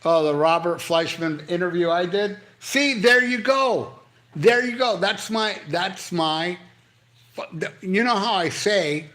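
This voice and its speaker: A man's voice: high-pitched, slow. An older man hosting a casual livestream, reading comments and ranting bluntly with lots of swearing while on pain medication. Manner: blunt, profane, animated ranting. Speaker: livestream host.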